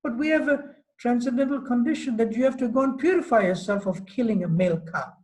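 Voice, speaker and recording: A woman's voice: on the low side, fairly quick, dark tone, close to an everyday voice, poor audio. A man voicing a proud, indignant young cowherd queen who scolds her beloved. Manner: scolding, mocking.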